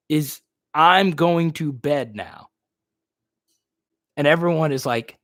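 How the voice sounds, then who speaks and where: A man's voice: on the high side, takes it slowly, long pauses, fairly bright tone, dry recording, clean studio sound. A man hosting a casual live stream. He laughs often and repeats himself as he talks. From New Roads, Louisiana.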